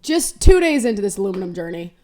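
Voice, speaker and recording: A woman's voice: medium pitch, big pitch swings, quick pace, darkish tone. A young woman hosting a casual solo podcast, rambling candidly between topics with self-deprecating jokes. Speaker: podcast host.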